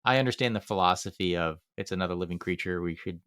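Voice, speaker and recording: A man's voice: low voice, fast, fairly bright tone, smooth, dry recording, clean studio sound. A man hosting a podcast, chatty and reactive, with lots of fillers, who wraps up the show. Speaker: podcast host. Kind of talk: casual chat and show outro.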